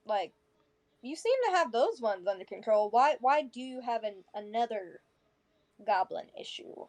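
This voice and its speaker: A woman's voice: a little high, animated, moderate pace, darkish tone. A woman playing a tabletop game who keeps asking curious questions in casual chat. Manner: curious, asks many questions. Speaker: player.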